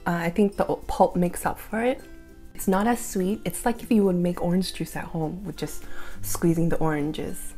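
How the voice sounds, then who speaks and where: A woman's voice: lowish voice, steady tone, moderate pace, dark tone, soft background music. A young woman in her twenties chatting casually through a taste-test vlog, thinking aloud with fillers. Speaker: food vlogger.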